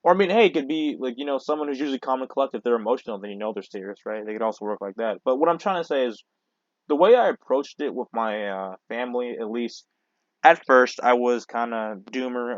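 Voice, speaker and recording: A young man rants into his camera in a loose, rambling way, swearing often and restarting his sentences. His voice sits in a middle pitch, and the recording is dry and a little dull. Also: fast, dry recording. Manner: profane, rambling, with frequent restarts and fillers. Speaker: vlogger. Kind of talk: casual ranting monologue to camera.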